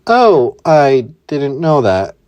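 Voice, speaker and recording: Man reading curious teen girl, lightly lifted, slow. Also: medium pitch, very animated, a little mellow, clean tone, muffled recording. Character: curious teenage girl student.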